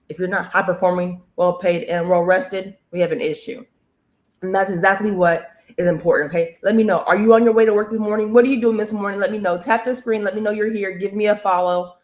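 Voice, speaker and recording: A woman coaching viewers on a live stream, energetic and repetitive, often urging them to comment and follow. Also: mid-range voice, fast talker. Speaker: online business coach hosting a live stream. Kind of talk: motivational live-stream talk.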